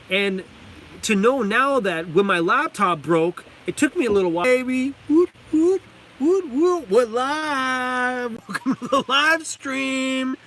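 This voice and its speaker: Canadian guy live streaming from his van, high voice, laughs a lot, faint vehicle hum behind. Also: fairly bright tone. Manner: enthusiastic, laughs often, reads chat names aloud. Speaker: vlogger hosting a live stream. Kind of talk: casual live stream chat. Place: inside a parked van.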